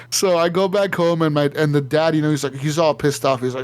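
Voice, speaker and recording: A man's voice: fairly high pitch, fairly even intonation, moderate pace. A man on a gaming podcast, casually retelling a video game story with lots of swearing and acting out the characters' lines. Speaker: podcast co-host.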